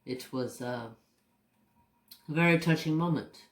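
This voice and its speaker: A man's voice: on the high side, measured pace. Rambling man chatting in an echoey room. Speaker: crafting channel host. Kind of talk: casual storytelling chat while crafting. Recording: roomy echo.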